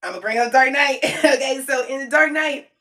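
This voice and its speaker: Reviewing a film for her audience, an adult woman with a child talks casually and emphatically, using slang and driving points home by repetition. Her high, fairly bright voice moves at a normal speed.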